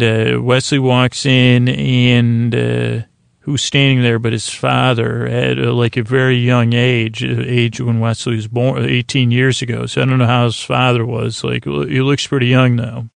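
A man hosting a sleep podcast, recapping a TV episode in a soft, meandering way with many fillers and restarts. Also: mid-range voice, creaky, clean tone, no room sound.

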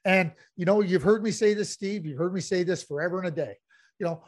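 A man's voice: sits high, fairly quick. A man hosting a sports talk show, blunt and emphatic, repeating himself for effect. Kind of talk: heated hockey talk.

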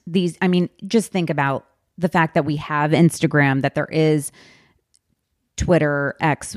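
A woman's voice: sits low, no room sound, clean studio sound. A woman hosting a casual podcast book discussion, chatty and emphatic. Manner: chatty, emphatic, fast bursts with stretched words. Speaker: podcast host.

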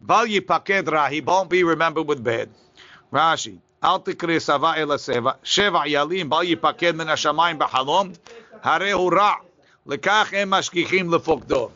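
A man's voice: a little high, bright, forceful tone. Man teaching a Talmud class, lo-fi. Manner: reads the source text quickly, then explains it casually. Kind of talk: Talmud class, reading and translating. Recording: lo-fi, muffled recording.

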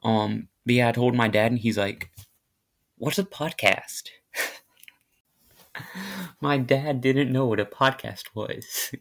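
A man's voice: medium pitch, vocal fry. A man hosting his own podcast, telling a story in a rambling, self-deprecating way with many fillers and restarts. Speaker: podcast host. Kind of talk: casual storytelling monologue.

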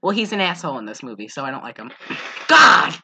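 A woman's voice: low voice, wildly swooping pitch, fast talker, crowd noise. A woman co-hosting a casual podcast, sarcastic and profane, often exasperated and laughing. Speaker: podcast co-host. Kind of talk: casual movie-recap podcast chat.

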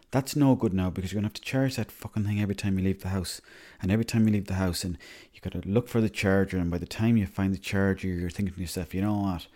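Rambling, sweary Irishman with a mellow voice. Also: lowish voice. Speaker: comedy monologuist. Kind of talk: rambling comic monologue.

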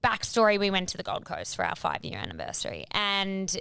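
A woman's voice: mid-range voice, a little fast, creaky, clean tone, no echo. Swearing woman telling a story. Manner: animated, swears freely, acts out quotes. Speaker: podcast co-host. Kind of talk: casual chat, storytelling.

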